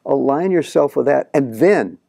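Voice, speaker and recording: A middle-aged male pastor preaching a sermon in an animated way, acting out the prayers he quotes. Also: mid-range voice, normal speed, creaky, no echo, clean studio sound.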